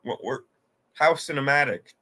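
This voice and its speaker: Exasperated male reaction host: bright, forceful tone, profane rants, casual delivery. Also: mid-range voice, animated, moderate pace. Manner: exasperated, profane ranting with frequent laughs. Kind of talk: live reaction commentary.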